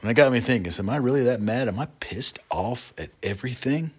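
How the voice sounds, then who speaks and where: A man's voice: medium pitch, lively intonation, a little fast, slightly rough. A man from North Idaho delivering a folksy, drawling comedic rant from his home workshop, chuckling between lines. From North Idaho, USA. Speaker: comedic monologuist.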